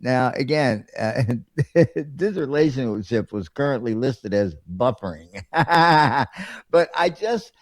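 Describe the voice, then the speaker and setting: A man's voice: medium pitch, animated, slow, dry recording. An older man co-hosting a podcast in easygoing casual chat, full of fillers. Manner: easygoing, filler-heavy talk with chuckles. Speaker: podcast co-host.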